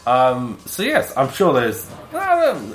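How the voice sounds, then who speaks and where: A man's voice: mid-range voice, wildly swooping pitch, takes it slowly, a bit bright. A man co-hosting a podcast in casual chat, reading out a listener email and laughing often. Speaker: podcast co-host. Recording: roomy echo with faint background hum.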